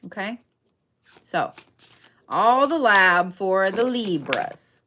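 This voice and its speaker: Over a noisy background, a young woman doing a chatty tarot and zodiac reading sounds very animated, stretching out her words in a mid-range voice. She's emphatic and loose with swear words, and she checks in with an "okay?" again and again.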